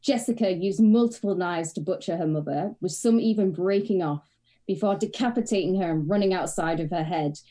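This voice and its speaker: A woman's voice: fairly low pitch, brisk, mellow. An English woman co-hosting a podcast, chatting in a frank, wry, sweary way. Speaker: podcast co-host. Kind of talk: casual comedic chat.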